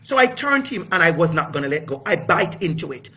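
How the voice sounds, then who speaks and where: A middle-aged man, an educator hosting his own video series, delivers an impassioned, preachy talk to camera, swearing freely and repeating lines for emphasis. His voice is on the high side, sing-song and fast, with background noise in the recording.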